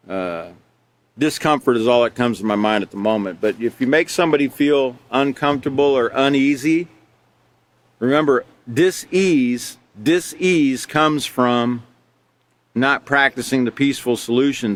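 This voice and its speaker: Brief: male teacher from Alaska, mid-pitched voice, loose conversational delivery, reads passages and explains them, lots of ums. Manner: relaxed and conversational, many fillers, laughs between points. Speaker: character education teacher. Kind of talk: live online class, reading and explaining a textbook.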